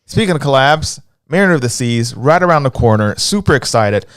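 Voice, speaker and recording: A Texan man chatting on a livestream, relaxed and playful as he spins funny stories. His voice is close and dry, with no room sound, and sits in an ordinary middle pitch. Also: a little fast, clean tone, dry recording. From Texas. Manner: joking, animated storyteller. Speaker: livestream co-host. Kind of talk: casual livestream chat.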